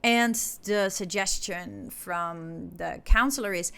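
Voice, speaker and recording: A woman's voice: mid-range voice, expressive, slow pace, hardly any pauses, a bit bright, smooth. A woman with an Indonesian accent, patiently teaching an English class step by step, with frequent filler sounds as she explains. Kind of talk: classroom instruction.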